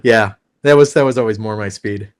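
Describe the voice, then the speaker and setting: A man's voice: lowish voice, a little fast, clean tone. A man who works as a voice actor, telling stories in a casual, rambling way and acting out the people he quotes. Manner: rambling with many restarts and fillers. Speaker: voice actor guest. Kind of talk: casual storytelling.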